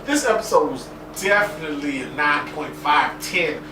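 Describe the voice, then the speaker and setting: A man giving a casual, profane episode recap, excitable and acting out scenes in voices. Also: on the high side, normal speed, echoey room, far from the mic, background noise. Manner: excitable, swears a lot, acts out scenes in voices. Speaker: TV episode reviewer.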